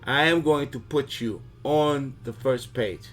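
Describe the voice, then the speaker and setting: A man's voice: mid-range voice, a little slow, natural voice. Demanding mob-boss godfather who issues threats, done by a man in a comic explainer. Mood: threatening. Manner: commanding, repeats orders, threatens.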